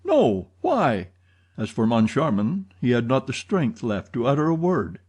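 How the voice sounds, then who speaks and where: A man narrating a classic novel as an audiobook, in steady, even storytelling. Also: medium pitch, normal speed. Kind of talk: scripted narration.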